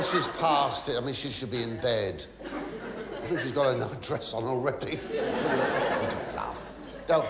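A man's voice: medium pitch, animated, measured pace, echoey room, crowd noise. Stammering comic man, live audience laughing. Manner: stammering, gossipy asides with sudden shrieks and mock pleading. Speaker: comedian. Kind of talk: stand-up storytelling to a live audience. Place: theatre stage.

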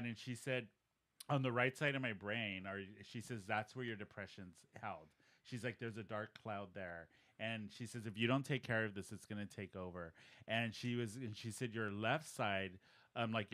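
Bright-voiced man telling a story. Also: lowish voice. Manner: animated retelling, acting out quoted dialogue. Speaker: podcast co-host. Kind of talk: casual storytelling chat.

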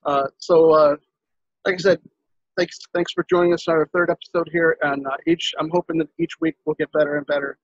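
Halting middle-aged male host, dry mic. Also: a little high, lively intonation, vocal fry, no room sound, muffled recording. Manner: halting, lots of fillers and restarts, friendly sign-off. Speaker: show host. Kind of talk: casual show outro.

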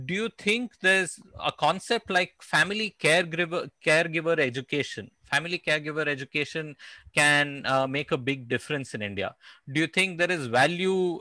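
A man's voice: a little high, sharp tone, no room sound. A man moderating a panel discussion, reading out audience questions with frequent fillers.

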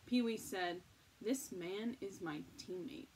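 A woman's voice: medium pitch, takes it slowly, darkish tone. Woman doing an earnest folksy Southern boy. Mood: passionate. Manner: earnest, emphatic, folksy drawl. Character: spirited Southern boy, proud storyteller. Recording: distant mic, faint noise.

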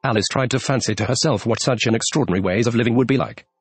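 A man narrating a classic children's book in an expressive storytelling manner. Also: medium pitch, racing, slightly rough, dry recording. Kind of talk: audiobook reading of a classic.

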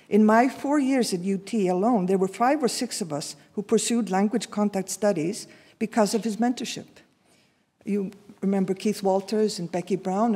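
A woman in her sixties from Iceland, introducing a guest at a seminar in a warm, personal way with restarts and fillers. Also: medium pitch, slightly rough. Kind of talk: formal introduction speech. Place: lecture hall. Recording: long hall reverb.

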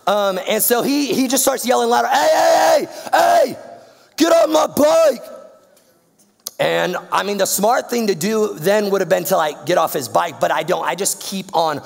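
A man's voice: high-pitched, moderate pace, gravelly, hardly any pauses, long reverb tail, a faint crowd. A young man from Georgia, telling a slangy, playful story to a youth audience. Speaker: youth speaker.

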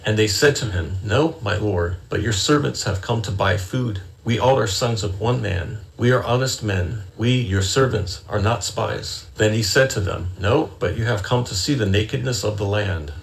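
Man, low gravelly voice, measured scripture reading, online study call. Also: rough recording. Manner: steady measured reading, then tentative musing in discussion.

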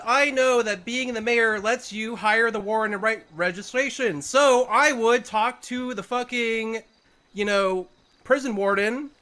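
Man voicing a crude tough candidate, very high bright voice, swearing, blunt. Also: full character voice.

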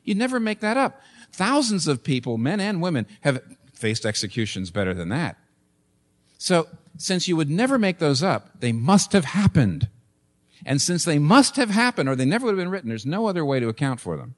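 A man's voice: on the high side, sing-song, moderate pace. A man in his sixties preaching a sermon in church, earnest and building to emphatic, repeated points. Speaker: pastor.

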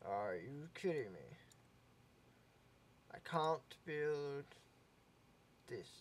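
A man's voice: mid-range voice, very animated, drawn-out words, a little hiss or hum. A man hosting a casual let's play, mumbling to himself, trailing off, and humming snatches of tunes as he plays. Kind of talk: casual gameplay commentary.

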